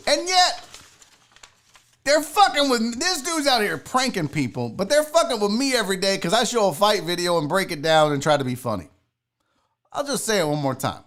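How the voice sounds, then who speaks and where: A man hosting a live sports and entertainment stream, ranting casually to his chat with lots of swearing. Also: sits high. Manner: profane, animated, talks to chat viewers. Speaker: podcast host.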